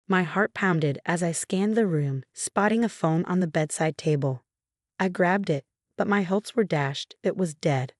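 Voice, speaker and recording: A woman with a lowish voice tells a dramatic first-person story. The recording is dry and close, with no room sound. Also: moderate pace, darkish tone, dry recording. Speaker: narrator.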